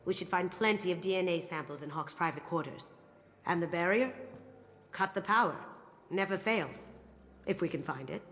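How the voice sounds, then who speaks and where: A woman's voice: lowish voice, moderate pace, long pauses, fairly bright tone, long reverb tail, slight background noise. A woman voicing a sly young female master thief in a video game, cocky and playful. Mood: confident. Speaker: game character.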